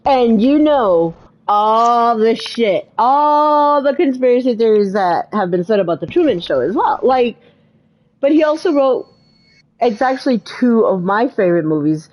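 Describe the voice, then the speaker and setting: A woman's voice: a little high, expressive, a little slow, highs cut off. A woman co-hosting a podcast, chatting casually and retelling movie scenes with exclamations and fillers. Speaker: podcast co-host. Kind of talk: casual chat.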